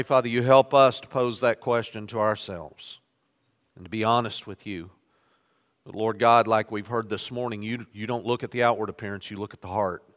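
A man's voice: mid-range voice, fairly bright tone, in a large hall. A man preaching a sermon, reading scripture aloud and stressing the quoted lines, then leading a prayer. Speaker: pastor. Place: church sanctuary.

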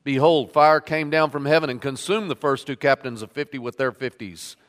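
Male pastor, mid-pitched, sermon reading with emphatic quotes; church hall reverb. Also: moderate pace, fairly bright tone. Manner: reads scripture aloud with rising emphasis on quoted lines. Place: church sanctuary.

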